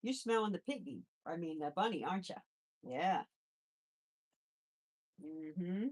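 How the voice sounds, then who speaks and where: A woman's voice: fairly low pitch, lively intonation, a little slow, a little mellow. A woman hosting a casual live chat, handling her pets and cooing to them in baby talk between replies to viewers. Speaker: live-stream host and rabbit foster carer.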